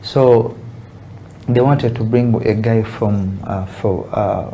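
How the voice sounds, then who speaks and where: Earnest young man, halting speech. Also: on the low side, fairly even intonation, dark tone, a little hiss or hum. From Uganda. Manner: earnest, halting, with frequent restarts. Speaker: barista guest. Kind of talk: casual interview.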